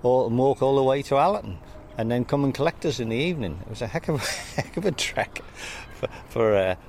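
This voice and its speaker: A man's voice: mid-range voice, brisk, darkish tone, a little hiss or hum. Older wry storytelling man. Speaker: interviewee. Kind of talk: anecdotal conversation.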